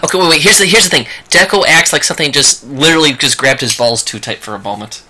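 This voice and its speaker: A man's voice: a little high, quick pace, sharp tone. A man acting as dungeon master in a tabletop game, joking and laughing often.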